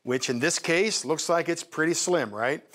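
A man with a somewhat high-pitched voice teaches from the Bible on a TV talk show. His delivery is emphatic and folksy, full of asides to his wife beside him. He sounds like a preacher at ease in his own studio. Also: normal speed, fairly bright tone. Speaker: pastor and TV show co-host.

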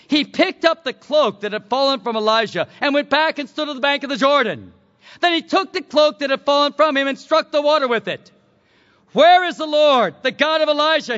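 High-voiced, dramatic male preacher. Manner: dramatic storytelling, swinging from shouts to hushed tones. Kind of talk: sermon. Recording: dull lo-fi recording.

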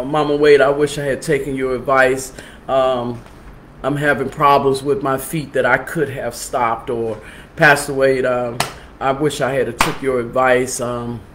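A woman's voice: fairly low pitch, a little hiss or hum. A middle-aged woman pastor speaks in a casual live-streamed health talk. She reads advice aloud in an earnest voice and keeps urging her listeners to act on it. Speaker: pastor and health show host.

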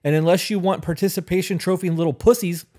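A man's voice: high-pitched, fairly even intonation, fast talker, warm tone. A man co-hosting a relationship podcast, talking bluntly with heavy swearing and getting worked up. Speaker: podcast co-host. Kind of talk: casual relationship podcast chat.

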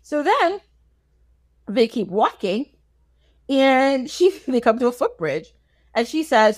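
Animated, high-voiced woman host storytelling. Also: slow pace, pauses often, dry recording. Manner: animated, laughs often, acts out the characters. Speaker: podcast host. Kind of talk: casual storytelling chat.

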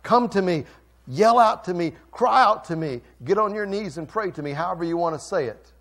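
Male pastor, fairly high voice, fervent sermon delivery that rises and drops in volume. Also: animated, moderate pace. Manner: impassioned preaching, swinging from quiet to loud. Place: church sanctuary.

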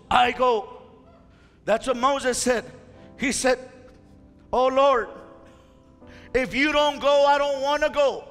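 Fiery high-voiced male preacher, gravelly. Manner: impassioned preaching, rising to shouts. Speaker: pastor. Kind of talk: fiery sermon. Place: church sanctuary. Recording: reverberant church hall with faint music.

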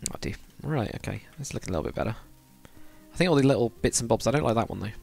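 A man's voice: mid-range voice, lively intonation, very fast, creaky, a little mellow, soft background music. A man chatting casually with viewers during a game livestream, rambling and laughing often. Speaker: streamer. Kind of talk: casual livestream chat while building in a game.

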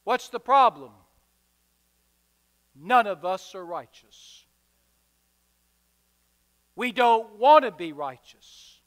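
A man's voice: very high voice, slow, long pauses, fairly bright tone, smooth. A man preaching a sermon, driving his points home with rhythmic, emphatic repetition. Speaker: pastor. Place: church sanctuary. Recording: reverberant church hall.

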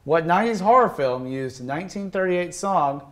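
A man's voice: high-pitched, animated, moderate pace, a bit bright. Playful young man hosting a game show. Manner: playful, jokey, laughs often.

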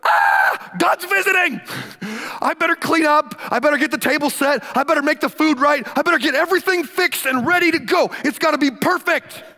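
A man's voice: very high voice, fairly quick, pushed and bright, pitched above the performer's own voice, full character voice. A preacher playing a frantic, fussing woman. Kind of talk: sermon.

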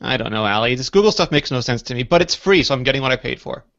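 Gravelly guy hosting a live tech podcast, jokey and teasing, kinda lo-fi sound. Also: mid-range voice, lively intonation, fast talker, a bit bright. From South Africa. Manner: playful, teasing, jumps into joke voices. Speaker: podcast host. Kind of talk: casual live podcast chat. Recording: lo-fi online call audio.

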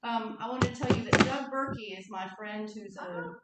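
A woman pastor telling a story in a relaxed, conversational sermon. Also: a little high, moderate pace, very noisy. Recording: echoey church hall from far off.

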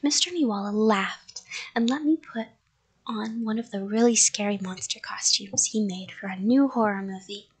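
A woman reading a spooky storybook aloud, hushed and often slipping into whispers, pausing to ask her listeners whether to go on. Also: medium pitch, slightly rough, rough recording. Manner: chats with listeners between parts.

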